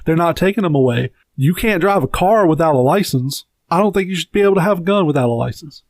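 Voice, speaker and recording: A man's voice: on the high side, animated, quick pace, dry recording. A man with a Southern US accent co-hosting a podcast, giving blunt, profane opinions in casual chat. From Southern United States. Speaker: podcast co-host.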